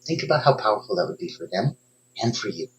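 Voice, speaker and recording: A man giving a motivational talk as a coach, emphatic and speaking straight to the listener, with sudden upward jumps in pitch on key words. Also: lively intonation, fast talker, a bit bright.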